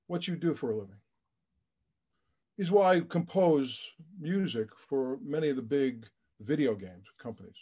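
A man's voice: a little high, animated, moderate pace, darkish tone, husky. A middle-aged man, a charity founder telling a story as a guest, acting out the voices of the people in it with emotion. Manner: acts out quoted voices, emphatic and emotional. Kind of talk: animated storytelling.

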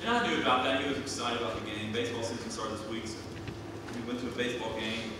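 A man in his thirties preaching a sermon, swinging between hushed and loud, emphatic delivery. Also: medium pitch, quick pace, background noise. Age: 30s. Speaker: pastor. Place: church sanctuary. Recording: echoey church hall from a distant mic.

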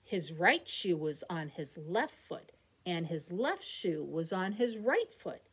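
A middle-aged woman reading a bedtime story aloud with expressive narration and chatty asides. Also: fairly low pitch, takes it slowly, slightly rough.

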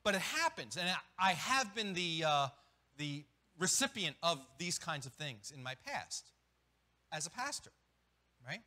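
A man preaching a sermon as pastor, animated, with quick restarts and acted-out asides. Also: fairly high pitch. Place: church.

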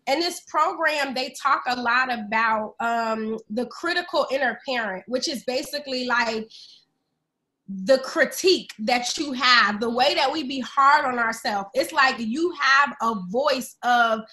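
A woman with a high voice speaks as a podcast guest. Her tone is bright and a little sharp, and she talks in an earnest, open way, dropping casual slang into relaxed conversation. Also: measured pace.

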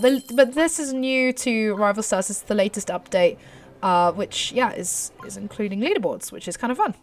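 A young British woman giving excitable commentary while playing a horse racing game, urging her horse on. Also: mid-range voice, moderate pace, over music. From Britain. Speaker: gaming YouTuber. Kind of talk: live gameplay commentary.

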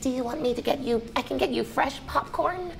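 A woman's voice: high-pitched, fairly quick, creaky, voice pushed up. Woman doing a nervous rabbit-folk man. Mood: eager. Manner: hesitant, eager to please.

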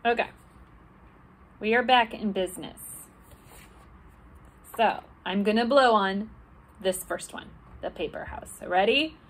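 A woman librarian leading a children's storytime, talking gently and asking the kids questions. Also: medium pitch, measured pace, long pauses.

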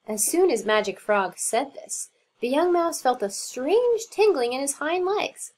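Animated woman reading a storybook. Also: high-pitched, measured pace. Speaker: teacher reading aloud. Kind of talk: storybook narration.

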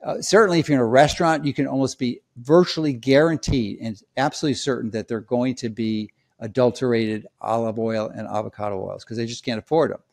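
A man of ordinary pitch gives a health explainer in an emphatic, lecturing tone. He stresses key points and repeats them so they sink in. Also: a little fast, vocal fry, few pauses. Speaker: health commentator. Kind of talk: direct-to-camera explainer.

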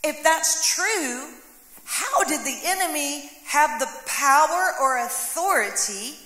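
A woman's voice: high-pitched, animated, slow pace, pushed and bright. A woman pastor preaching a sermon, voicing prayers and quotes dramatically. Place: church sanctuary. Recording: echoey hall with long reverb.

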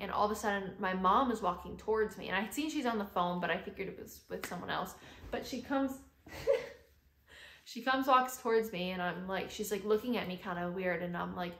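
A woman's voice: mid-range voice, a bit bright. Chatty young woman in a roomy space. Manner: chatty, heavy use of "like" fillers. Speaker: vlogger. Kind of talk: casual storytelling. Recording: roomy echo.

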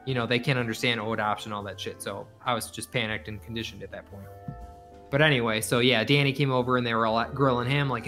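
A man's voice: mid-range voice, quick pace, soft background music. A man casually telling a story, acting out the voices of the people in it and swearing freely. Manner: animated, acts out quoted voices, swears freely. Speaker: podcast guest.

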